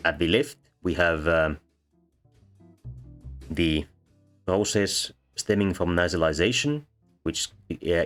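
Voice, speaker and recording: Deep-voiced man lecturing with halting pauses. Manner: halting, many ums and uhs. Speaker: linguistics lecturer. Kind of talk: explaining sound changes over slides. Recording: faint background music.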